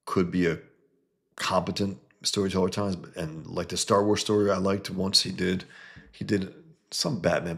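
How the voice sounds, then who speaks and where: A man reviewing a comic book in casual, rambling commentary, talking to his viewers. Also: sits low. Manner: rambling, conversational, many restarts.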